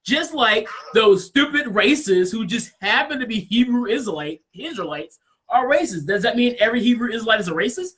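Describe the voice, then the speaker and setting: A high, bright male voice that swings widely in pitch as he teases his fellow hosts. He is a wrestling show co-host trading loud, laughing trash talk in casual banter. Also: animated, brisk.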